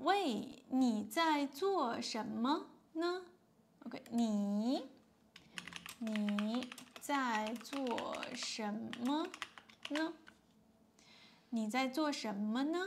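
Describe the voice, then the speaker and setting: Slow, gravelly Chinese-accented woman teacher. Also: on the high side, a little hiss or hum. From China. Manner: patient, repeats words and fillers like "yeah" and "okay". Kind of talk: explaining a beginner lesson.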